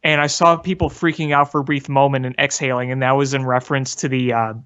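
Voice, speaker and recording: A man's voice: medium pitch, level tone, fast talker, fairly bright tone, clear, resonant tone. Earnest man on dull audio. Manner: earnest storytelling, self-deprecating. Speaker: podcast co-host. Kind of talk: casual sports chat.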